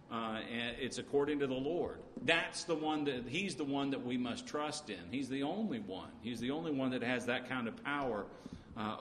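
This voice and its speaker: A man preaching a sermon, talking in a halting way with frequent pauses and restarts. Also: medium pitch, a bit bright. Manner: halting, many uh fillers and restarts. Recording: echoey hall with faint noise.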